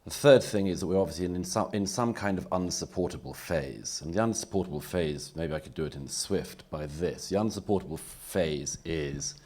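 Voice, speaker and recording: Very deep, husky-voiced man debating. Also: brisk, few pauses, darkish tone. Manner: articulate, wry, polemical. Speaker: panel speaker. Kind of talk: panel debate remarks.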